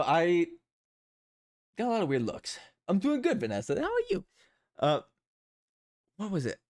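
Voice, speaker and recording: A man streaming live, chatting casually and rambling, often repeating his own phrases. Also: mid-range voice.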